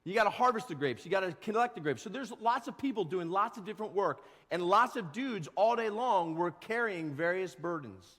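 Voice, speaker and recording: Lively, animated male pastor preaching. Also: sits high, a little fast, hardly any pauses, long reverb tail. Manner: casual, animated, acts out grumbling workers. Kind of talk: sermon. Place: church sanctuary.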